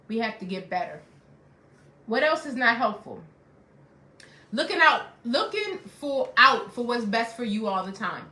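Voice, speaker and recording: A woman's voice: on the high side, big pitch swings, normal speed, sharp tone, roomy sound. A middle-aged woman and life coach giving a motivational self-help talk, preachy and repeating phrases for emphasis.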